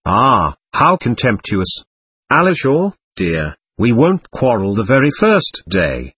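A man reading as a lively teasing young woman. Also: medium pitch, slow, husky, no room sound, heavily acted. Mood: playful. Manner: eager, teasing, fervent.

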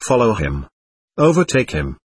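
A man reading an urgent young noblewoman in a hurried whisper, with a husky voice. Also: lowish voice, wildly swooping pitch, no room sound, heavily acted. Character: anxious commanding young noblewoman.

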